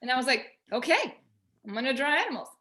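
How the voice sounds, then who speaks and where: A woman on a video call at home, telling a personal story in an animated way and quoting herself and others. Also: sits high, racing. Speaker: featured artist guest. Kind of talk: casual video call discussion.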